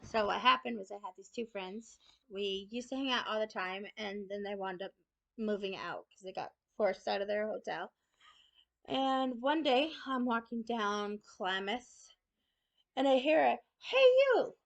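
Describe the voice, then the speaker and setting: A woman's voice: medium pitch, unhurried, vocal fry, a bit bright, highs cut off. A young woman telling a personal story in a chatty, casual way, often saying "I'm like". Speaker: student.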